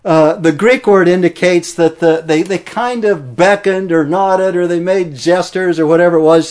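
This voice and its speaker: A man's voice: on the high side, a little mellow. A man preaching an expository sermon, explaining a passage earnestly and stressing key words.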